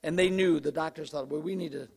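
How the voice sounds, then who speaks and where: Male pastor, sermon, high voice, slightly hoarse, chatty and animated, long church-hall reverb. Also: fast. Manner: conversational, animated preaching. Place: church sanctuary.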